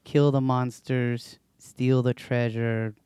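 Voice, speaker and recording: A man's voice: mid-range voice, flat delivery, slow, darkish tone, clean tone, dry recording. A man co-hosting a podcast in easygoing casual chat, laughing often. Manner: easygoing, laughs a lot, chatty. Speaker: podcast co-host.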